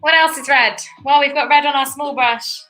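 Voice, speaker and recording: Brief: young female art teacher, bright and fairly high voice, chatty, encouraging, leading a kids' painting class. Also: fairly even intonation, moderate pace, soft background music, poor audio. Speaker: painting instructor. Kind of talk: live step-by-step painting class for kids.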